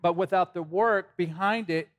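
A man's voice: high-pitched, normal speed, fairly bright tone. A man co-hosting a Christian talk show, speaking in a heartfelt, sermon-like way.

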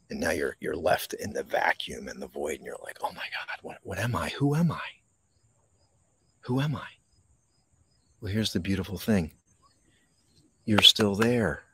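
Deep husky-voiced man, slow reflective talk. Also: a bit bright, dry recording. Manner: slow, reflective, with dramatic pauses; reads and answers viewer comments. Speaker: podcast host. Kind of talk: live-streamed mindfulness talk. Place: outdoors in a park.

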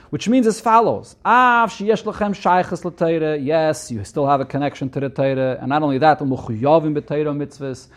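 Yeshivish-accented man teaching in high voice. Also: normal speed, hardly any pauses. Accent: Yeshivish English with Hebrew and Yiddish terms. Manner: explains line by line, repeating key points. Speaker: Torah teacher. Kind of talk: reading Hebrew text and translating it into English.

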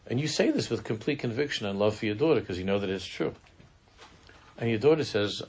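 Male rabbi giving a casual Torah class, low gravelly voice, earnest, halting delivery. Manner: earnest, halting, sprinkled with Hebrew and Yiddish terms. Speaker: rabbi teaching a Chassidic text.

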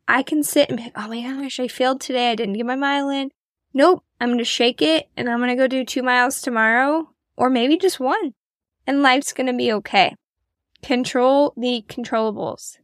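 A woman with a fairly high voice talks to her listeners in a casual, chatty monologue. She is encouraging and pokes fun at herself as she motivates them. The sound is dry and close. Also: fairly bright tone, no echo. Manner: encouraging, chatty, self-deprecating. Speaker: podcast host.

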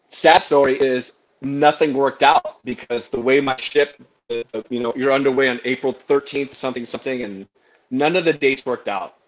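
A man from Guam, a singer and guest, telling a story in animated, rambling fashion on a video call. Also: medium pitch, moderate pace, dull audio. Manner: animated, rambling, full of restarts and quoted dialogue. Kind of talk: casual storytelling.

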